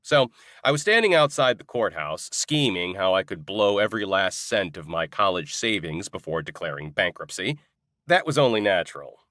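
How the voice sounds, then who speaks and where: Low, lively wry male audiobook narrator. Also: no echo, clean studio sound. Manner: wry, sardonic comic storytelling. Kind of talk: scripted first-person audiobook narration.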